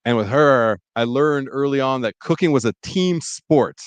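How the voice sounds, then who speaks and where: A man's voice: mid-range voice, normal speed, clear, resonant tone, no room sound. A man hosting a podcast in casual chat, telling reflective stories about family cooking with enthusiasm. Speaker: podcast host and chef.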